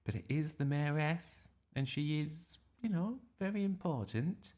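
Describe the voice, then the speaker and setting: Man doing a worried mum, high pleading voice, fretful, storybook. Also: lively intonation, a little slow, darkish tone. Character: anxious, fussy mother.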